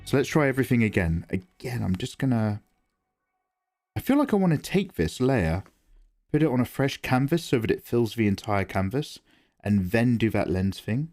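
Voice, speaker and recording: Man, casual livestream chat, animated swooping pitch, mid-range voice. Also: normal speed, soft background music. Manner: lively, rambling, self-deprecating, reads chat aloud. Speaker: art streamer.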